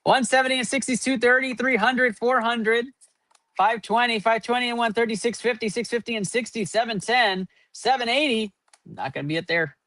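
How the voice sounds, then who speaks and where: A man's voice: extremely high pitch, normal speed, sharp tone, dry recording. A man hosting a live card-opening stream, rattling off running point totals and hyping up each pull. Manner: running tally of numbers, upbeat hype. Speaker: host.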